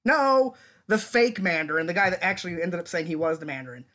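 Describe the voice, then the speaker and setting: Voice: mid-range voice, big pitch swings, a little fast, pushed and bright. A podcast co-host in their forties, chatting casually and laughing often. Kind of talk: casual chat.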